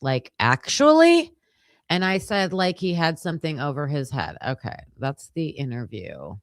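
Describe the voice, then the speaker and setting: Lower-pitched woman reading case files aloud. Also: animated, normal speed, dry recording, clean studio sound. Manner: thinks aloud while skimming pages, hesitant restarts. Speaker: true-crime livestream host. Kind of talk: casual live commentary reading case documents aloud.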